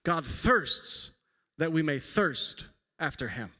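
A man's voice: on the high side, sing-song, slow pace, bright, forceful tone. A man in his forties preaching a sermon in a church, talking in a conversational, self-deprecating way and weaving in personal stories. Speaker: pastor. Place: church sanctuary. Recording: long hall reverb.

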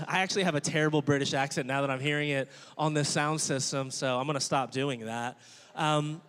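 Man, pastor, high voice, lively sermon, playful asides, calls out to the congregation, church with long reverb. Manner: energetic, calls for congregation response. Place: church sanctuary.

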